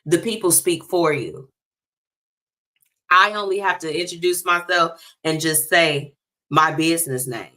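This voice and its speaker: A woman hosting a radio talk show, chatting in a lively, casual way and speaking straight to her listeners. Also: fairly low pitch, a little slow. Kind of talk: casual chat segment.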